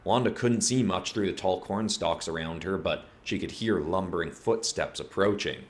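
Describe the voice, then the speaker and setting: A man reads a horror story aloud with a steady, measured narrator's delivery. His voice sits very low, deep and grounded. He keeps an even storytelling pace.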